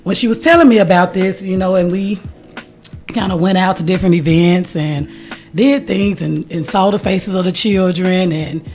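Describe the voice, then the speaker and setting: Woman guest, relaxed chatty delivery full of fillers, radio studio, faint music behind. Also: lowish voice, normal speed. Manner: casual, lots of "you know" and "um". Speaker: guest, minister. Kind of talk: radio interview.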